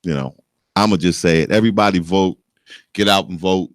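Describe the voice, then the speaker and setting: A man's voice: low-pitched, brisk. A middle-aged man hosting a radio show, bantering in a joking, profane way. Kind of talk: casual radio chat. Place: radio studio.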